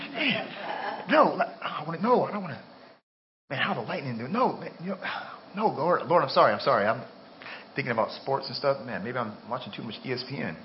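An American man preaches with a fairly low voice, loose and conversational, thinking aloud as he goes. The recording is dull and lo-fi, with faint noise behind him in the church. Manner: conversational, talks to himself aloud. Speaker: pastor. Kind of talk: sermon.

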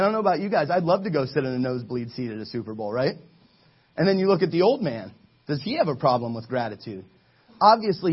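Male preacher, relaxed and joking storyteller, slightly raised pitch, muffled lo-fi sound. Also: husky. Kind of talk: casual sermon to a live group.

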